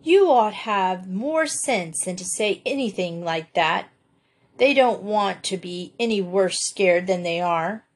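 A blunt, urgent farm boy, put on by a woman reading a storybook aloud, speaking in a fierce, hushed manner. The voice stays close to her own. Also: mid-range voice, lively intonation, slow pace.

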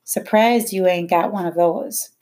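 A woman's voice: measured pace, a little mellow, natural voice. A woman doing a sneering mother. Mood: scornful. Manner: sneering, low and furious. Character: harsh scornful working-class London mother.

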